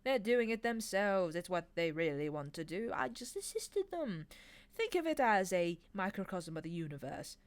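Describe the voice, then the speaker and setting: Snappish, sly male demon in a storybook reading, a woman doing the voice, a touch louder than her narration. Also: medium pitch, big pitch swings, normal speed, few pauses, natural voice. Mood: sardonic. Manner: snappish, sardonic. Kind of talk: audiobook reading.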